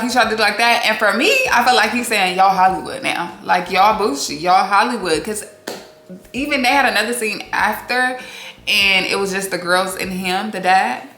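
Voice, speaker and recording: Candid woman recapping TV, roomy sound. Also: on the high side. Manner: candid, expressive, swears freely, acts out quotes. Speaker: TV recap host. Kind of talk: casual TV recap commentary. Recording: roomy echo with faint music behind.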